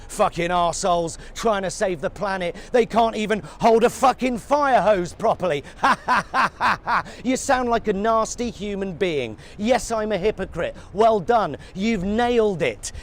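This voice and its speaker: A man with a notably high voice rants in a sarcastic, swear-laden monologue. Faint noise hums behind him. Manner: sarcastic, angry, profane. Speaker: satirical commentator.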